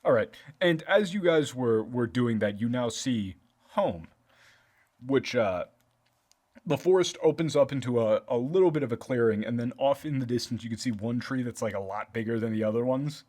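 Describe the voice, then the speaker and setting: A man at an ordinary middle pitch serves as game master for a tabletop game. He describes the world in a loose, meandering way, stacking up "like" and "uh" as he builds each scene. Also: animated, moderate pace, a little mellow. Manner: loose, rambling description with many fillers.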